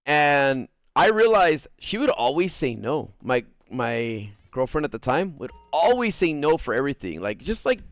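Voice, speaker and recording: A man's voice: fairly high pitch, big pitch swings, moderate pace, hardly any pauses, no room sound. A man chatting casually on a stream, rambling with crude jokes and lots of fillers. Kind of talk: casual chat.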